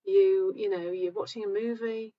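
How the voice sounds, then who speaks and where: A calm, gentle woman hosting a live session, talking reassuringly to viewers while sounding a bit tired. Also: mid-range voice, moderate pace, dull audio. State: tired, low energy. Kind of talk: live-stream talk answering viewer comments.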